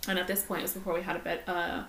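A woman co-hosting a casual chat podcast, telling stories with lively quoted voices. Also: fairly low pitch, racing, gravelly. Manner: animated storyteller, acts out quoted voices. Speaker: podcast co-host. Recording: echoey room, faint ambient noise.

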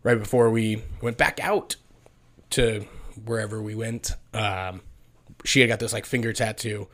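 A young adult man co-hosting a podcast, telling stories in a casual, profane, animated way. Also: fairly low pitch, a little slow. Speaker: podcast co-host. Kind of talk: casual chat.

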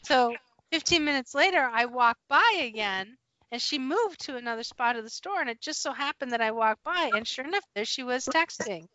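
Bright-voiced lady telling a work story on a podcast, laughs a lot, sounds kinda lo-fi. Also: high voice, normal speed, dry recording. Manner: animated, laughs through her story, acts out dialogue. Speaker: guest recalling past work as a retail manager.

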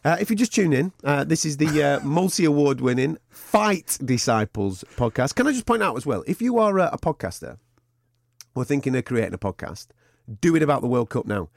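A man co-hosting a podcast in a studio, sweary and excitable, laughing often. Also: a little high, fairly quick, gravelly, dry recording. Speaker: podcast co-host. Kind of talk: casual sports chat.

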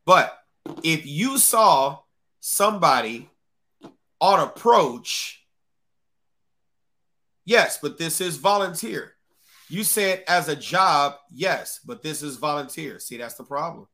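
Brief: livestream host, casual and profane, with a fairly high, bright voice. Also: male voice, lively intonation, slow, pauses often. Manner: casual, profane, talks straight to chat.

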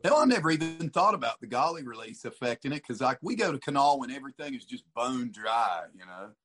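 Chill dude telling stories, says buddy a lot, normal pitch. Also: male voice, big pitch swings, quick pace, fairly bright tone, soft background music. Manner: easygoing, calls people dude and buddy, swears. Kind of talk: casual chat.

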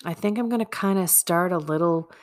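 This podcast host's voice is fairly low and a little fast, thick with a stuffy nose and phlegm. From a room at home, she meanders through a casual, self-mocking conversation about how she prays.

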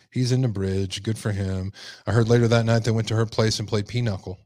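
A man's voice: fairly low pitch, steady tone, brisk, a little mellow, dry recording, clean studio sound. A male podcast host who reads news articles aloud and breaks in with sarcastic asides. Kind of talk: reading news aloud with commentary.

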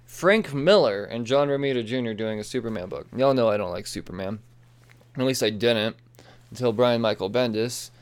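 A man talks through a stack of comic books in a loose, excitable ramble, cursing freely and wandering into asides. His voice is smooth and clear, at an ordinary pitch for a man. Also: normal speed. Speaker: comic book reviewer. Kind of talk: casual profane comic review.

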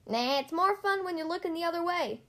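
A woman's voice: extremely high pitch, expressive, fairly quick, fairly bright tone, pitched above the performer's own voice, exaggerated voice. A woman voicing a cheerful, folksy male tow truck with a playful country drawl in a storybook.

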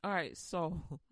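A woman preaching a casual sermon in slang, animated and quick to laugh. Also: on the low side, dry recording.

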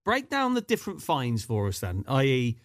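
Man, podcast host, casual chat, jokey, interjecting, mid pitch. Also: huge pitch swings, moderate pace.

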